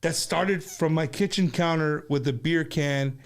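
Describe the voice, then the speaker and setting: A man hosting a casual studio chat show, talking in animated, rambling bursts with many restarts. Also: a little high, measured pace, smooth. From United States. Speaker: show host.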